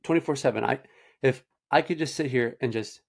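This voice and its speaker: A man's voice: mid-range voice, fairly quick, vocal fry. A young man hosting his own show, telling long, loose stories to the camera in slangy talk full of "like" and "dude". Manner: rambling, slangy, says "dude" and "like" often. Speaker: host. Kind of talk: casual storytelling to camera.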